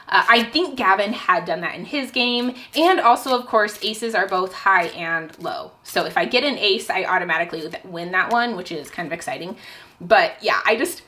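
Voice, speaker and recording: A young adult woman book vlogger chatting casually at home, excitable and nervous as she plays a card game. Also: mid-range voice, a little hiss or hum. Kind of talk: casual vlog chat.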